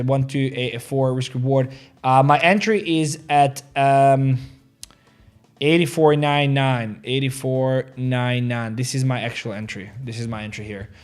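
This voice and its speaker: A man's voice: mid-range voice, a little mellow. A man hosting a crypto trading livestream, rambling casually, swearing freely and joking with viewers about their likes. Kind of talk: casual livestream chat, reading viewer comments.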